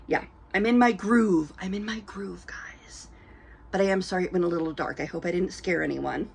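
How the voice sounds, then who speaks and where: A woman's voice: mid-range voice, a little hiss or hum. Chatty, giggly woman with a dry throat. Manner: chatty, giggly, many ums, acts out quoted voices. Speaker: reborn doll collector vlogger. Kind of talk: casual storytelling to camera. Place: indoors at home, lit by a ring light.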